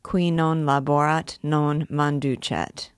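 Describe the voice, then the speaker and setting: A stern, unbending archdeacon who weighs every word, as voiced by a woman reader. The voice drops low and slows to a measured, severe pace. The sound is close and dry. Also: flat delivery, smooth, no echo. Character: stern, severe male archdeacon, middle-aged.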